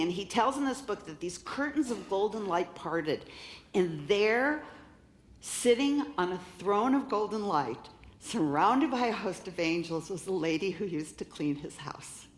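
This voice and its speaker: A woman in her fifties telling a lively, laughing story as a keynote speaker. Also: lowish voice, moderate pace, echoey room. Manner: animated, laughing, acts out voices in quotes. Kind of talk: storytelling talk to a live audience. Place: conference stage.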